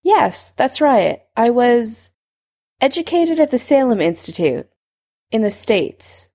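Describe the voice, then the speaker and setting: A woman's voice: a little high, big pitch swings, takes it slowly, mellow, voice pushed up, exaggerated voice. A woman voicing a young male wizard who speaks in a wary, blunt way. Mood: guarded.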